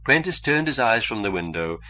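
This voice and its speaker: Man reading a horror story aloud, measured and expressive, bright tone. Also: medium pitch. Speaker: audiobook narrator. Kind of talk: audiobook reading.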